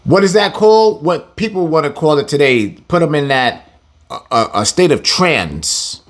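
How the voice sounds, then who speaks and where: A Bible teacher with a fairly high voice, speaking at a moderate pace, gives an informal scripture lesson. He reads verses and then retells them in slang, animated and laughing often.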